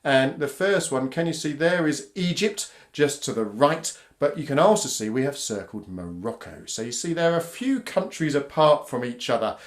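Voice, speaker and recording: A man's voice: mid-range voice, lively intonation, normal speed, few pauses. A British man facilitating a live online drumming workshop for families over a video call, upbeat and encouraging. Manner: upbeat, encouraging, counts in loudly.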